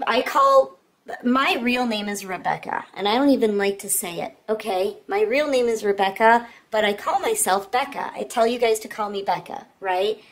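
A woman giving a casual tarot reading, talking straight to the viewer in an earnest, repetitive way. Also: on the high side. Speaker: tarot reader.

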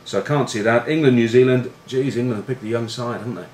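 Fast and darkish in tone, a mid-range male voice belongs to a middle-aged ex-rugby player casually telling stories. He swears, is self-deprecating and fills his talk with fillers; the room echoes and faint noise lingers.

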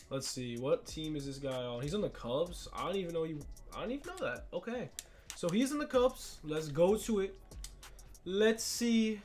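A young man, casually commentating a video game with excitable, frustrated outbursts. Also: a little high. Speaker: gaming YouTuber. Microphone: desk mic with face cam.

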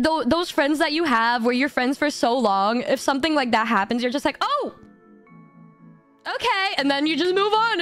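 Woman streamer in her 20s, high bright voice, giggly, swears a lot, stumbles over words, soft music under her. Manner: giggly, swears freely, stammers and repeats words. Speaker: vtuber streamer. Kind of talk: casual storytelling chat.

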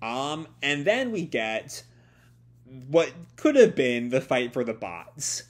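A man's voice: medium pitch, takes it slowly. A man hosting a casual manga reaction, recapping the chapter and sharing his opinions with many fillers. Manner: lively, with many fillers, reads quoted dialogue in put-on voices.

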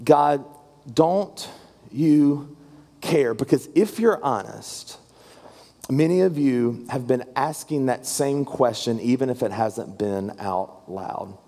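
A man's voice: mid-range voice, unhurried, warm tone. A man in his thirties preaching a storytelling sermon as a guest pastor, earnest and conversational, often restarting his sentences. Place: church sanctuary. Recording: long reverb from a large hall.

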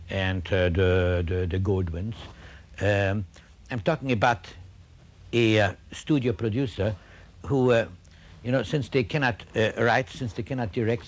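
An older man, a film director, telling stories in an interview in a halting, wry way, full of pauses and restarts. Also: medium pitch. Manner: wry storyteller. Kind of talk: reminiscing interview anecdote.

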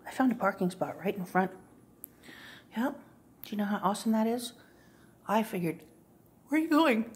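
A woman's voice: mid-range voice, normal speed, pauses often, husky. A woman cat sitter talking to a cat while filming with a phone in a client's home, cooing in baby talk and sometimes dropping to a whisper. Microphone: phone camera pointed at the floor.

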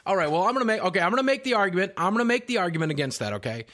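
A man's voice: sits high, sing-song, rapid-fire, fairly bright tone. A man guesting on a podcast over a group call, talking bluntly and rambling through profane stories. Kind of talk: casual podcast chat. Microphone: call-in mic on a group voice call.

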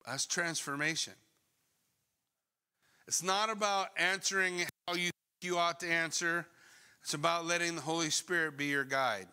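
A middle-aged male pastor preaching a sermon in a conversational, animated way, full of rhetorical questions. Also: fairly high pitch, normal speed, long pauses, smooth. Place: church sanctuary. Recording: long church hall reverb.

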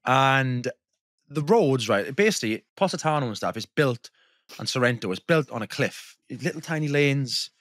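A man's voice: mid-range voice, lively intonation, normal speed, fairly bright tone, no echo, clean studio sound. A young man co-hosting a podcast, laid-back and teasing, laughing often as he tells a story. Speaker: podcast co-host. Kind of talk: casual chat.

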